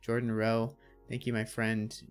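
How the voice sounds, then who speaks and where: A man's voice: fairly low pitch, monotone, unhurried, clear, resonant tone, soft background music. A man hosting a casual crypto livestream, chatting and reading out viewer comments and answering them. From Canada.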